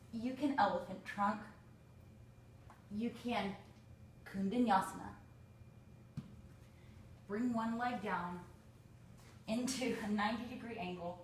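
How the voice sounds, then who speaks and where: A woman's voice: mid-range voice, slight background noise. Woman yoga teacher, roomy and distant. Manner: encouraging, talks the viewer step by step through a pose. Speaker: yoga instructor. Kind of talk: spoken yoga tutorial. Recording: roomy echo, voice from a distance from the mic.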